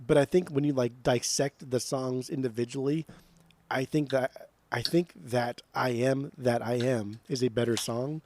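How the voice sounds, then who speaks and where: A man co-hosting a music podcast in casual chat, rambling and animated, swearing freely. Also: medium pitch, a little slow, a little hiss or hum. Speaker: podcast co-host.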